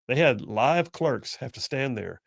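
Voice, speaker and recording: A middle-aged man with a drawl hosts a talk radio show, spinning folksy stories with jokey asides. His voice carries a gravelly edge, and the studio sound is dry and close. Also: mid-range voice, animated, a little slow, no echo. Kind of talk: casual call-in talk radio chat.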